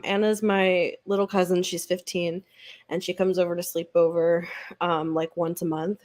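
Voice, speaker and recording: Slow-talking, giggly woman chatting. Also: fairly low pitch. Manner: giggly and rambling, many fillers. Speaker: booktube host. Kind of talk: casual chat during a read-along livestream.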